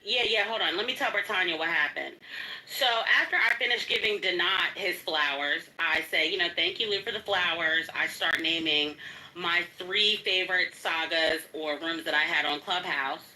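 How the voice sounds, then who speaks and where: A woman's voice: fairly low pitch, normal speed, bright, forceful tone, echoey room, low-quality recording. A woman in an audio chat room argument, mocking and profane, talking over the others. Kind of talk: heated argument.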